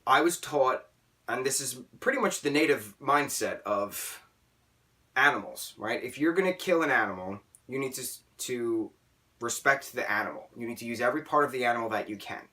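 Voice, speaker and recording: A man in a mid-range voice, heard a little distant from the microphone. He holds forth in a casual vlog, emphatic and animated, tossing in "right?" between points. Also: medium pitch, moderate pace. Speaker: vlogger. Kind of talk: casual opinion vlog monologue. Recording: voice a bit distant from the mic.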